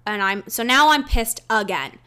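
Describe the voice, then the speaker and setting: A Canadian woman co-hosting a podcast, retelling a trip story in a casual, profane, animated way. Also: on the high side, moderate pace, clear, resonant tone. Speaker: podcast co-host.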